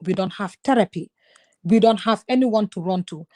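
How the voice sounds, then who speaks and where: In a casual conversation, a woman from Gambia speaks as a guest about things she has lived through, earnest and open as she confides. Her mid-range voice has a darkish tone and moves at normal speed.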